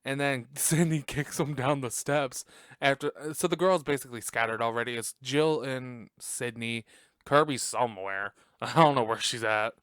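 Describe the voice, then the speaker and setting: A man's voice: medium pitch, normal speed, fairly bright tone, clear, resonant tone, no room sound. A man hosting a podcast, recapping a movie in casual chat, swearing and laughing often, in a room at home on a close desk mic. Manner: chatty, profane, laughs often. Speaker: podcast host.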